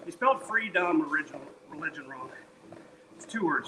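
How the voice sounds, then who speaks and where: A man's voice: sits high, fairly quick, background noise. A man streaming while he walks on a treadmill, tired and sweaty, reading chat messages aloud and joking between workout stats. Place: home, on a treadmill.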